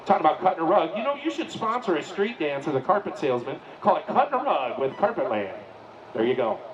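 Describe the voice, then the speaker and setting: A man announcing a tractor pull live, joking folksy banter with drawn-out hype calls. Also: fairly high pitch, very animated, dull audio, a crowd in the background. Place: outdoor tractor pull track. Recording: distant PA at a loud outdoor event.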